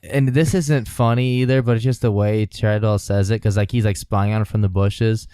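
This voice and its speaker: A man with a smooth, clear, mid-pitched voice retelling a story in relaxed podcast chat, peppered with swearing. His voice is close and dry. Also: normal speed, no room sound. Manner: profane, storytelling. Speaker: podcast co-host.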